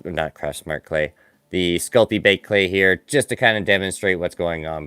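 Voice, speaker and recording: Low-voiced man chatting while sculpting. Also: a bit bright, clean tone, no room sound. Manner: rambling, self-deprecating, distracted by the work at hand. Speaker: stop-motion animator streaming live. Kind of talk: casual live-stream chat while crafting.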